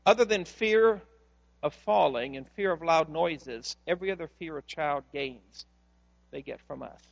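Speaking a little slowly in a fairly high, gravelly voice, a pastor gives a sermon in a sanctuary, bringing his stories to life by acting out the characters' voices. The recording is muffled, and the hall's long reverb lingers after his words.

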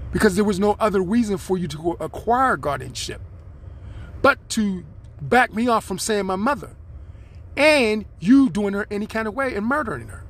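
A man hosting his own podcast, speaking, in a rambling, aggrieved monologue aimed straight at his listeners. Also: sits high. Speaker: podcast host.

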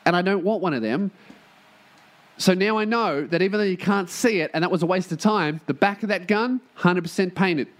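A man's voice: high voice, moderate pace. Profane rambling male podcast host. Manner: profane, self-mocking, rambling. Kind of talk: rambling casual monologue. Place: room in a shared workplace.

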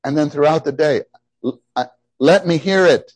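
A man's voice: a little high, moderate pace, no room sound. Emphatic middle-aged man preaching a sermon. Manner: animated, emphatic, repeats phrases. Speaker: pastor.

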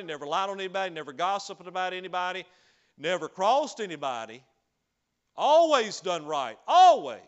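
A man preaching a sermon, swinging from loud, drawn-out cries to low, quick asides. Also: dull audio.

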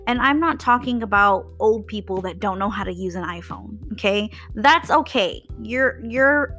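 A woman's voice: fairly high pitch, bright, forceful tone. Blunt, profane young woman ranting. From Texas. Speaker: podcast host. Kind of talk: casual rant.

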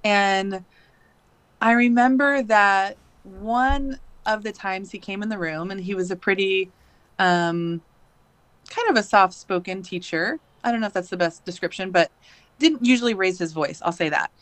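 A woman's voice: mid-range voice, measured pace, fairly bright tone, no room sound. A woman in her thirties, a podcast guest, telling a long story in a chatty way full of fillers. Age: 30s. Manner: chatty, many fillers and likes. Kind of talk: casual storytelling.

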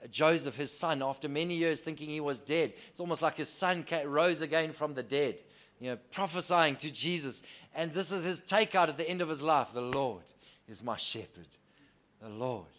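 A man preaching a sermon earnestly, moving between soft hushed lines and loud emphatic declarations. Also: mid-range voice.

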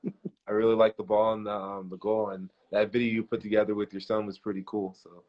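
A young man dropping into a livestream as a guest, talking haltingly with many fillers. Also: lowish voice, level tone, dull audio. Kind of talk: casual chat.

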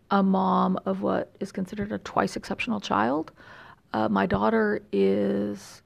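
Her voice sits in the mid-range, creaky and somewhat dark. She's a middle-aged woman from California whose speech has a light Texas drawl, and she rambles through a casual conversation full of fillers and self-deprecating remarks.

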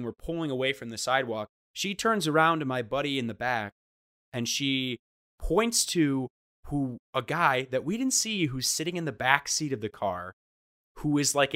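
Male storyteller, lively and bright, acts out quotes, frequent restarts. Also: medium pitch. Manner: animated, acts out quoted voices, restarts often. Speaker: guest storyteller. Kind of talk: casual anecdote telling.

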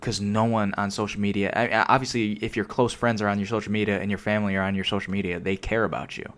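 A young man on his own vlog, ranting off the cuff into a desk mic. His voice sits a bit on the low side, and he rambles through restarts and fillers, swearing nearly every sentence. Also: flat delivery, quick pace, a bit bright. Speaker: solo vlogger. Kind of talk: casual unscripted rant. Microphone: desk microphone.

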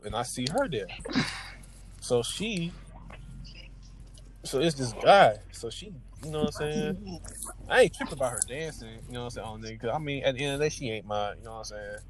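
A man's voice: mid-range voice, animated, a little fast, long pauses, a crowd in the background. Guy rambling thru a story on a podcast, slangy, voice bouncing all over, people chattering in the background. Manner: slangy, rambling, swings between mumbling and heated outbursts. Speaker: podcast co-host. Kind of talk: casual storytelling chat.

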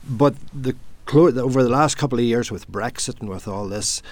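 A man's voice: medium pitch, moderate pace, no room sound. A man from Northern Ireland speaking thoughtfully in a casual discussion, with hesitations. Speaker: panel guest.

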